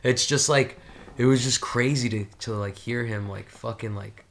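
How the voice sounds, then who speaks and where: A man's voice: mid-range voice, fairly even intonation, normal speed, creaky, fairly bright tone. Young man, casual chat, rambling, swears a lot, filler-heavy.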